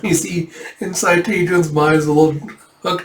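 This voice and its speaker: A man in a casual comic readthrough, lively and chatty as he narrates the panels. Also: fairly high pitch, normal speed, a little hiss or hum. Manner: lively, chatty, jumps into character voices. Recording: roomy, mic at a distance.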